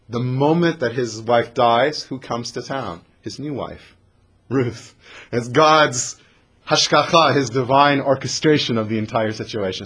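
Man, Torah teacher, dramatic storytelling, husky voice, swooping lively pitch. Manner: dramatic storyteller, mixes in Hebrew and Yiddish terms. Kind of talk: lively Bible lesson.

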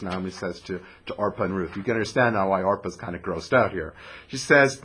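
A man teaching a Bible class, reading Hebrew verses aloud and translating them line by line in an animated way. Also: fairly quick, breathy edge. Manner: animated, reads Hebrew verses then translates, acts out the speakers with rising pitch. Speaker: Torah teacher.

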